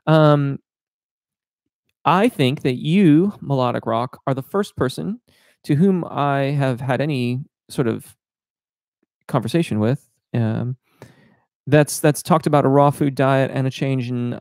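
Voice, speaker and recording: Male voice coach for live Q&A: gravelly, dry close sound, explanatory, technical, lots of ums. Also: medium pitch, measured pace, a little mellow, dry recording. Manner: explanatory, technical, many filler words. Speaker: voice teacher. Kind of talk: live-stream Q&A, reading chat questions aloud.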